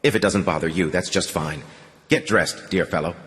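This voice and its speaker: A man narrating an audiobook and voicing a smooth camp doctor who talks in a sing-song way with a foreign accent. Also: deep voice, normal speed, a bit bright, pitched below the performer's own voice. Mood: oily, probing. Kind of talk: audiobook character voice. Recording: long hall reverb.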